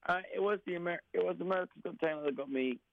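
A man with a Southeast London accent, a guest performer chatting in an interview with dry, deadpan humor. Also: high-pitched, rapid-fire, no echo, highs cut off. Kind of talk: casual interview chat.

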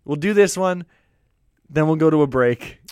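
A man co-hosting a casual chat, reading fan fiction aloud with quick laughs and stumbles. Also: a little high, expressive, darkish tone, smooth, dry recording, studio quality. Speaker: co-host.

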